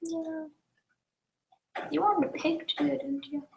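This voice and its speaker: A young woman co-hosting a live stream, giggling and chiming in with quick remarks. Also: high voice, steady tone, gravelly, a little mellow, slight background noise. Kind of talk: casual live-stream chat. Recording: echoey room.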